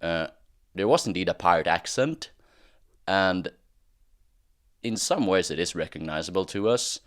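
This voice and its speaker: A man's voice: deep voice, animated, unhurried, no room sound, studio quality. A man hosting a history explainer, talking in a casual, wry way with the odd "uh". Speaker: history channel host. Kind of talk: explainer narration.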